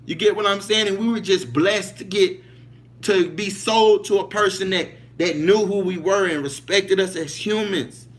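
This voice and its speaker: A high-pitched man talks at normal speed while hosting a livestream. It's a casual monologue in which he speaks emphatically, repeats himself, and often asks his listeners if they're with him.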